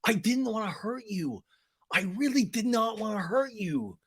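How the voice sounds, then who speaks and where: A man's voice: high-pitched, big pitch swings, moderate pace, breathy edge, voice pushed up, full character voice. A man doing a comic impression of a defensive young guy who whines and pleads, leaning on "dude". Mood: whiny.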